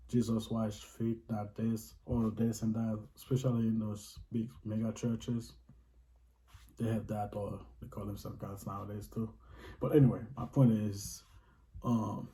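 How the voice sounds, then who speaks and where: A man's voice: lowish voice, mellow, low-quality recording. A man hosting a question-and-answer video on faith, talking earnestly and repeating phrases for emphasis. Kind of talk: casual spoken religious Q&A.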